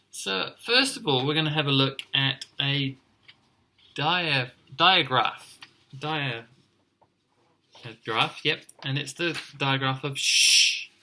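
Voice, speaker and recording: A male teacher reading a picture book aloud to children, expressive and encouraging as he points things out. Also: medium pitch.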